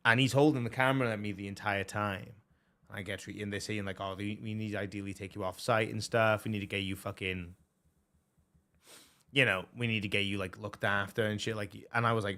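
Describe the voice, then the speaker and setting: A young man chatting casually as a streamer, excitable and swearing a lot, with plenty of fillers. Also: fairly low pitch, moderate pace. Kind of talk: casual chat.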